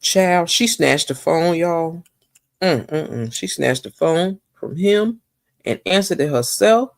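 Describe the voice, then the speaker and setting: A woman giving a casual, gossipy recap of a TV episode, animated and talking straight to her viewers. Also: fairly low pitch, takes it slowly, vocal fry, dry recording, clean studio sound. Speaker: TV recap vlogger.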